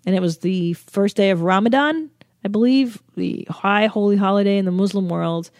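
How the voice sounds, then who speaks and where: At a moderate pace and medium pitch, a young American woman with a darkish tone delivers comic storytelling about her travels. A comedian and podcast host, she swears a lot and mocks herself, heard in clean studio sound with no echo.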